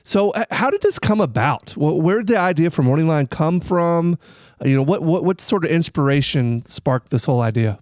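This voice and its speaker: A man hosting a podcast, asking relaxed questions with plenty of fillers. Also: a little high, normal speed, no room sound, clean studio sound. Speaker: podcast host. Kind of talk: podcast interview.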